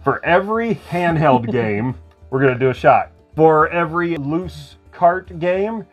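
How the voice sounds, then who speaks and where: A man's voice: on the high side, expressive, measured pace, soft background music. A man co-hosting a video game unboxing, chatting casually and joking with playful banter. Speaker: co-host of a gaming channel. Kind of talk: casual chat.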